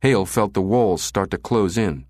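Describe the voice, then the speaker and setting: Male audiobook narrator, steady measured reading, lowish voice, dry close sound. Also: dry recording. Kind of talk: scripted narration.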